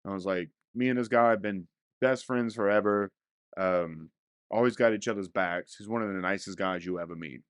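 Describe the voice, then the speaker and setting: A man's voice: fairly low pitch, normal speed, clear, resonant tone, no room sound, studio quality. A young man telling a rowdy, profane story in casual podcast chat, often laughing. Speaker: storyteller guest.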